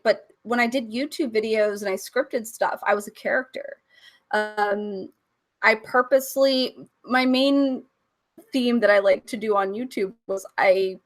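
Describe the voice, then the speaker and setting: A woman's voice: mid-range voice, a bit bright. A woman from California, a podcast guest, chatting candidly and laughing and swearing freely. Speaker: podcast guest, cam performer. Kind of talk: casual chat.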